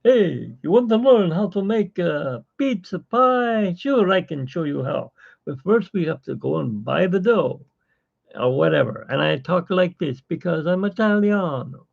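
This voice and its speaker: A man's voice: a little fast, gravelly, few pauses, darkish tone, husky. A man putting on a hammy voice as a jolly male Italian chef offering a cooking lesson, over dull lo-fi stream audio. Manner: hammy, showman cooking pitch.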